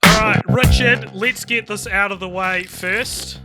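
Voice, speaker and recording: A man's voice: sits high, unhurried, over loud music. A man co-hosting a podcast in casual chat, laughing easily and trailing off mid-sentence. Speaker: podcast co-host.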